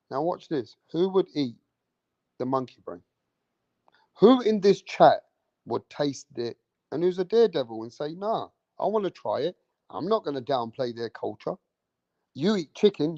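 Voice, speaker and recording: A man, hosting a livestream and loudly teasing and daring his chat, swearing freely. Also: a little high, no room sound, lo-fi sound. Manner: loud, teasing, swears a lot, goads the chat. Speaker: livestream host.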